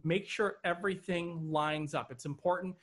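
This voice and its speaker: On the high side and slightly rough, the instructor's voice stays fairly even at a moderate pace during an online drum lesson by video call. He explains each pattern step by step, checking in with "okay", as loud drums play behind him.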